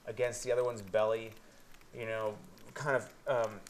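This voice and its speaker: A man's voice: on the low side, level tone, moderate pace, a little hiss or hum. Earnest man giving a live talk. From Canada. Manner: earnest, searching, full of restarts. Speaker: speaker giving a presentation.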